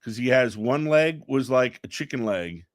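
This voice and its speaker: A middle-aged man chatting excitedly in an interview, telling stories fast with stammered restarts. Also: mid-range voice, no echo, clean studio sound. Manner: enthusiastic, rapid storytelling with stammered restarts. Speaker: comic book writer guest. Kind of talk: excited podcast interview chat.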